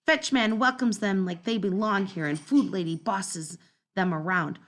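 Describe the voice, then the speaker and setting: A woman reading a children's storybook aloud in the first person, telling it in an expressive, dramatic way. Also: medium pitch, normal speed, heavy background noise. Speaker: storybook narrator.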